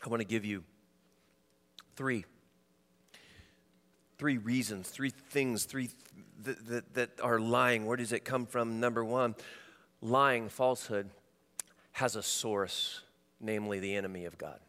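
Male pastor, smooth resonant voice, preaching in a hall with long reverb. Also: mid-range voice, measured pace, pauses often. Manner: shifts from loud and animated to quiet and intimate. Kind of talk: sermon.

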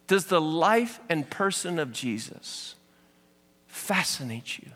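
A man from Southern California preaching a sermon and telling a story with lively energy. His voice is bright and somewhat high. A long echo of a big hall trails behind him. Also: slow. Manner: animated storytelling. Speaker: pastor. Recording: echoey hall.

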